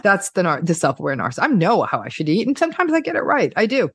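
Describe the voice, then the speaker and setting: A woman clinical psychologist talking casually on a podcast, animated and playful, acting out everyday examples. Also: on the low side, fast talker, slightly rough, dry recording.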